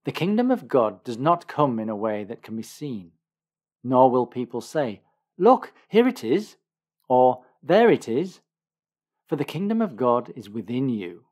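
Jesus, calm and emphatic teacher, read by a male narrator, plain storybook reading. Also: mid-range voice, measured pace. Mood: earnest.

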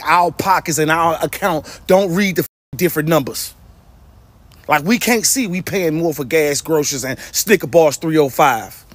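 Mocking male ranter, high husky voice, dry sound. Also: a bit bright. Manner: sarcastic, profane, mocking. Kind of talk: angry rant.

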